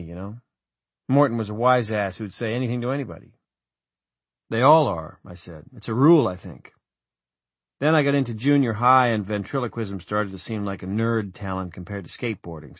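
A man's voice: fairly low pitch, husky, no echo. A male narrator voicing a casual, self-deprecating young man who talks offhandedly and swears mildly.

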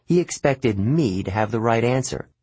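Husky, expressive male audiobook narrator. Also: medium pitch, moderate pace, no echo. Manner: expressive storytelling. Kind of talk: first-person audiobook narration.

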